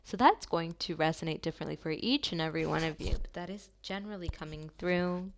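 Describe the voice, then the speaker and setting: A woman giving a channeled tarot reading to her viewers, talking softly and slowly in an affirming way, with long pauses. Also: lowish voice, slight background noise. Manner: soft, slow and affirming, with drawn-out pauses.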